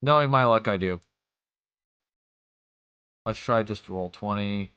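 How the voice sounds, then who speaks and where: A man's voice: fairly low pitch, takes it slowly, clear, resonant tone, no room sound, dull audio. A man narrating as game master in a casual way, muttering to himself while he searches his files.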